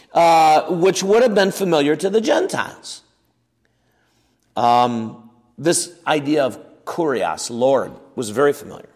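With a long reverb tail trailing his fairly high voice, a man preaches a sermon as a pastor, teaching conversationally. He poses questions to the congregation and keeps restarting his sentences with fillers and repeated words.

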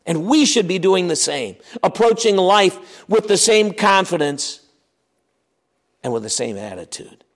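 A man preaching a verse-by-verse sermon, reading scripture aloud with emphatic, dramatic swings from loud to hushed. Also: high voice, sing-song, measured pace, long reverb tail. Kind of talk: expository sermon.

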